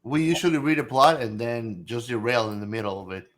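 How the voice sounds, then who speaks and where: A man's voice: medium pitch, brisk. A man co-hosting a podcast in casual chat, joking and laughing often. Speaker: podcast co-host.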